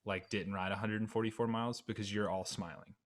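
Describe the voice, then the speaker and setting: A man's voice: on the low side, steady tone, quick pace, fairly bright tone. A man hosting a casual interview, laid-back, laughing often and repeating his words. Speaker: podcast host.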